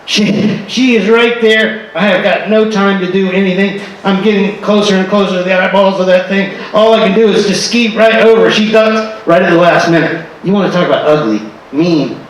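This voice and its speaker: A man from Florida telling comic stories on stage in an animated, exaggerated, playful way. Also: high-pitched, moderate pace, few pauses. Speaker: performer. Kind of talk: stand-up storytelling. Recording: echoey hall from far off with faint noise.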